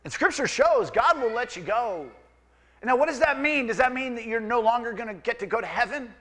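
A man preaching a sermon as pastor, conversational and emphatic, with quick asides. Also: very high-pitched, expressive, a bit bright.

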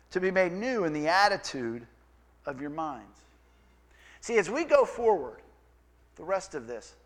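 A male pastor delivering a sermon with a high, bright voice that swoops up and down in pitch. He preaches conversationally and with emphasis, dropping into quiet asides between forceful points.

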